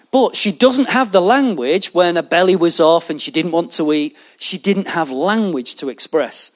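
A man preaching a sermon, animated and jokey, talking straight to his congregation. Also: on the high side, normal speed. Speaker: pastor.

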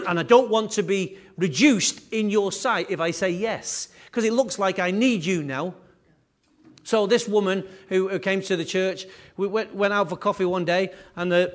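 A man preaching a sermon as pastor, animated and repetitive, with conversational asides. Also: high-pitched. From England.

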